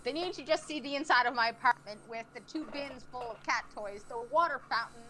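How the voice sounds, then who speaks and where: A woman's voice: high-pitched, fairly quick, pushed and bright, a little hiss or hum. A woman chatting casually on a game stream, sarcastic and swearing freely.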